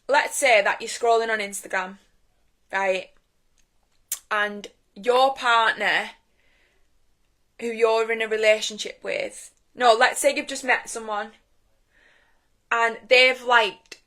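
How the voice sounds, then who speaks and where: A woman's voice: fairly high pitch, a bit bright. A young woman giving a casual live-stream talk on inner healing from her phone, chatty and straight-talking, swearing freely.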